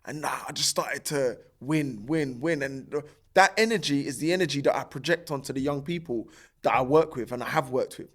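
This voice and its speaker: Speaking at a moderate pace and medium pitch, this man tells his tale as a podcast guest in slangy, filler-heavy language. He gets lively when quoting others, performing their dialogue in a louder voice.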